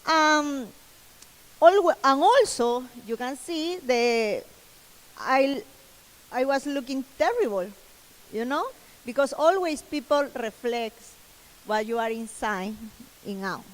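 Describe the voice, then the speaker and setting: A woman with a Spanish accent, a native Spanish speaker, giving an earnest motivational keynote in halting English. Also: sits high, lively intonation, long reverb tail, rough recording. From Latin America. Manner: earnest, repeats herself, broken English. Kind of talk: motivational stage talk. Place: large event hall.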